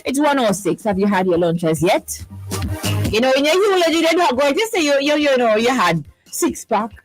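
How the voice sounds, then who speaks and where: A chirpy Jamaican woman hosts a live radio show from the studio, her voice bouncing all over in a lively, animated way. She laughs often and chats warmly to her listeners. Music plays clearly behind her. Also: high-pitched, normal speed, rough recording. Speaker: radio host.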